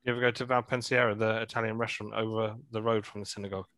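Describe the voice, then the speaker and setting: A man's voice: on the low side, very fast, dry recording. Man, podcast host, teasing casual chat, dry close sound. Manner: relaxed, laughs easily, teasing questions.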